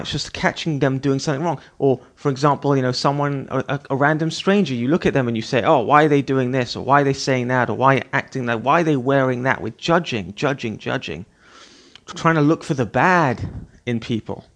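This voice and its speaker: A middle-aged man hosting a podcast delivers an earnest motivational monologue in a medium-pitched, somewhat bright voice at a brisk pace. He keeps repeating his points and occasionally acts out the voice of a scolding parent.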